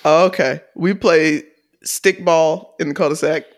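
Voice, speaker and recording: A woman's voice: sits low, steady tone, measured pace. A woman co-hosting a film review podcast, chatting casually in loose slang and laughing often. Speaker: podcast co-host.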